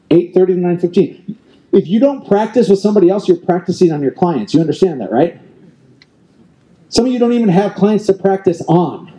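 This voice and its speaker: A man's voice: on the high side, dark tone, low-quality recording. A middle-aged man, a real estate team leader, giving an emphatic motivational keynote on stage and coaching the audience directly with lots of repetition. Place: event stage before a live audience.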